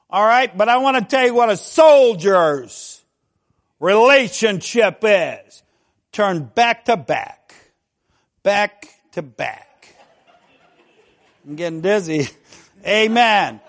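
A man's voice: high-pitched, a bit bright. An older man preaching a sermon as pastor, fervent, full of rhetorical questions and frequent amens.

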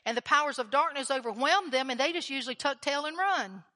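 A woman's voice: high voice, lively intonation, quick pace, sharp tone, big-room sound. A woman preaching a sermon with fervent emphasis, repeating key lines and asking the listeners questions.

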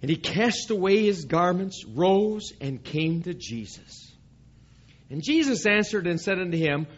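Male pastor, high voice, slow emphatic sermon delivery, dull lo-fi recording. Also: very animated. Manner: emphatic, reads scripture aloud, swells louder on key lines. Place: church service.

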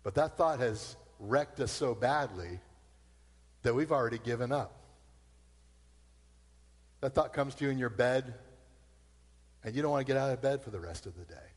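A man preaching a sermon in an animated, emphatic storytelling manner, heard with long hall reverb. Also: mid-range voice. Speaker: pastor.

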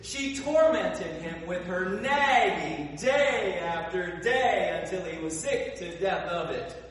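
A man preaching a sermon, telling the story in an animated way and acting out the characters. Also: sits high, slow pace, a little hiss or hum. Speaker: pastor. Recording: echoey hall, voice from far off.

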